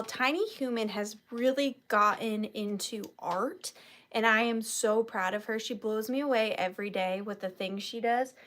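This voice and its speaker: A woman's voice: a little high, fairly bright tone. A woman in her thirties hosting a live vintage sale, chatting in a gushing, proud way. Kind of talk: casual live-sale chat.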